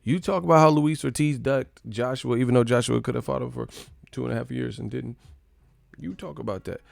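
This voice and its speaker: Gravelly-voiced man, loose profane banter. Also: a little fast, no room sound, clean studio sound. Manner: profane, joking, mocking chat in silly high voices. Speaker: live stream host. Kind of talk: casual live-stream chat reading comments.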